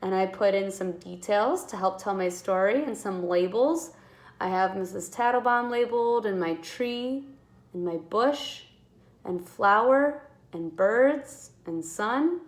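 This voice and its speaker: A woman teaching a kindergarten writing lesson, sounding out letters slowly and encouraging young children. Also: medium pitch, reverberant.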